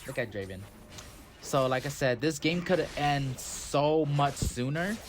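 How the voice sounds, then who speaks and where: A man's voice: a little high, expressive, measured pace. A man giving casual, rambling gameplay commentary as a channel host, full of "like" fillers. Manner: rambling and chatty, with many "like" fillers. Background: background music.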